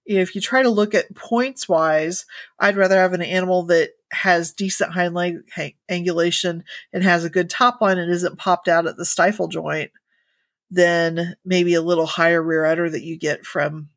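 A woman co-hosting a casual podcast chat, talking in a thoughtful, measured way with some hedging. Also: on the low side, fairly even intonation, no room sound. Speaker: podcast co-host.

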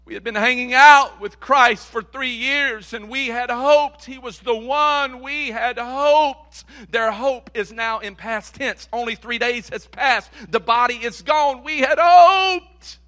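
A male pastor preaching a sermon. He repeats key phrases dramatically and swings from loud to hushed. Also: very high voice, steady tone, unhurried, hardly any pauses.

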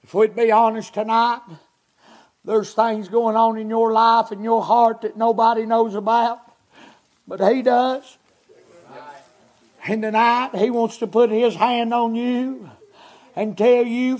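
A man preaching a revival sermon in a drawl, his voice pitched very high. He takes it slow and drawn out, building through chanted repetitions into shouts.

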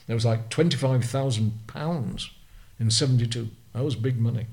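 A man's voice: medium pitch, normal speed, vocal fry, darkish tone. A man in his eighties from Lancashire with a Lancashire accent, a retired racing driver recounting vivid anecdotes as an interview guest. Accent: Lancashire English. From Lancashire, England. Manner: vivid storyteller, acts out the people he quotes. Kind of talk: anecdotal storytelling.

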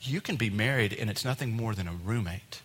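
A man preaching a sermon to his congregation in an animated way, acting out quoted voices. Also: lowish voice, brisk, long reverb tail. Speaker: pastor. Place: church sanctuary.

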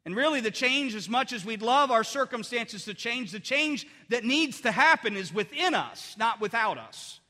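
Middle-aged guy preaching, really high voice, long reverb like a big sanctuary. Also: expressive, normal speed, few pauses, bright, forceful tone. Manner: earnest, conversational with frequent restarts and fillers. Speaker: pastor. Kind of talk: sermon. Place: church sanctuary.

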